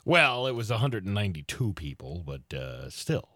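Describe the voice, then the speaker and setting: A man hosts a casual talk show, reading out local news and adding remarks of his own. His pitch moves around a lot as he talks. The recording is close and dry. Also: very animated, normal speed, fairly bright tone, no echo. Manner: reads news items then comments. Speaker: radio talk show host.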